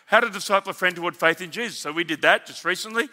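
A man with an Australian accent preaching a sermon as senior pastor, telling stories in an animated, emphatic and conversational way. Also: high voice, racing, big-room sound. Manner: animated storytelling, emphatic, conversational asides to the congregation.

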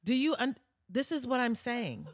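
A woman co-hosts a podcast in casual chat, teasing and quick to laugh. Her voice sits high and moves through a wide, lively range. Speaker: podcast co-host.

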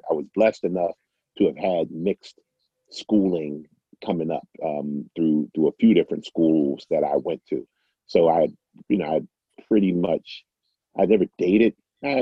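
A middle-aged man casually telling a personal story, animated and self-amused, acting out the dialogue. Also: deep voice, slightly rough, no room sound, highs cut off. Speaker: guest storyteller.

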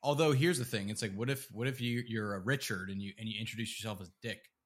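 A man's voice: fairly low pitch, fast, breathy edge. A man co-hosting a podcast, rambling in casual chat with lots of fillers, restarts and laughs. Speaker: podcast co-host.

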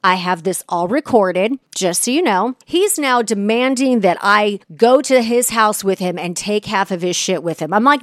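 A woman's voice: mid-range voice, moderate pace, hardly any pauses, dry recording, studio quality. A woman hosting a podcast who tells a personal story in a blunt, exasperated way and swears freely. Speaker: podcast host. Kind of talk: casual storytelling.

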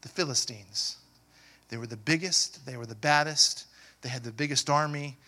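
A man preaching a sermon as pastor, asking the congregation questions and building to loud, emphatic passages. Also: medium pitch, moderate pace.

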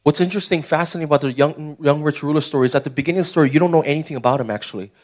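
A man's voice: on the high side, racing. A young man preaching a sermon as pastor, conversational and emphatic, putting direct questions to the church.

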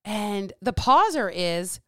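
A woman hosting a podcast, speaking in a smooth, clear voice at a middle pitch. She talks bluntly and casually, with plenty of swearing and repeated phrases for emphasis. The recording is dry and close. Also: sing-song, takes it slowly, no echo. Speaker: podcast host and nutrition coach. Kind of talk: casual monologue.

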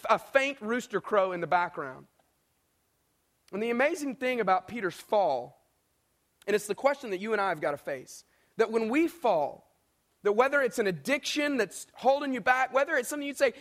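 High-voiced guy preaching, tells the story big, does little voices for people, gets quiet then loud. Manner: animated storyteller, voices quoted characters, swings between soft and emphatic. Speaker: pastor. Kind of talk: sermon.

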